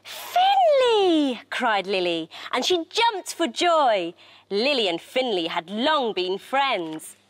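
A woman presenter reading a children's story aloud in an expressive, animated way. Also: on the high side, slow.

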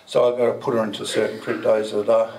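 A man's voice: fairly low pitch, flat delivery, quick pace, a little mellow, distant mic, poor audio. A man speaking at a conference, telling a story to the audience in a loose, chatty way with rambling asides and mild swearing. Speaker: conference speaker, crypto business founder. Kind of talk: casual storytelling talk to an audience. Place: indoor event venue.

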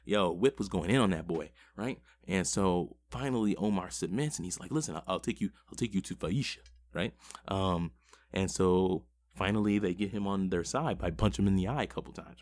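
A man giving a casual, rambling episode recap of a TV show, swearing constantly. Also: lowish voice. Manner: profane, rambling. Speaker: TV show reviewer.

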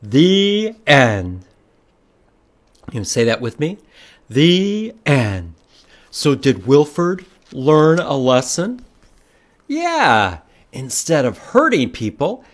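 A man reading a picture book aloud to children at library storytime, asking them questions along the way. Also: a little high. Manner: animated, asks children questions, makes animal sounds.

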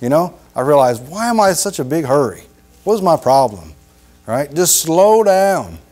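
A middle-aged man preaching a sermon in a folksy, emphatic way, repeating phrases and dropping low for emphasis. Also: big pitch swings, moderate pace, darkish tone.

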